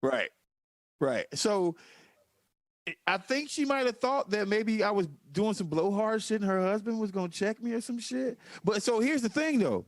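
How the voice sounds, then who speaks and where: A man's voice: sits high, moderate pace, no room sound. A man in casual political chat, telling stories emphatically. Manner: animated storytelling, profane, emphatic. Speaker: podcast co-host.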